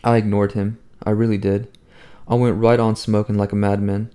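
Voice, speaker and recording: A man's voice: lowish voice, flat delivery, normal speed, dark tone, clean tone. A man reading a novel aloud in first person, in a conversational, wry and profane storytelling manner. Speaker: audiobook reader.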